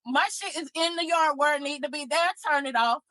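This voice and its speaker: A woman's voice: high-pitched, a little fast, fairly bright tone, dry recording, low-quality recording. A woman arguing defiantly with police during her arrest, caught on a body camera. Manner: defiant, argumentative. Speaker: driver being arrested. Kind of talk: heated roadside argument.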